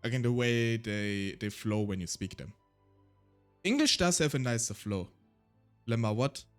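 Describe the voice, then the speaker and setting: A man's voice: medium pitch, animated, measured pace, clear, resonant tone, soft background music. A man with a German accent, a native German speaker, chatting casually on a solo stream in a rambling, self-deprecating way.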